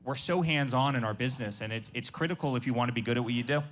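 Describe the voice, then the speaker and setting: A man's voice: medium pitch, racing, faint music behind. A man in his forties giving an emphatic business talk to a live workshop audience, repeating himself and restarting phrases often. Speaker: guest speaker.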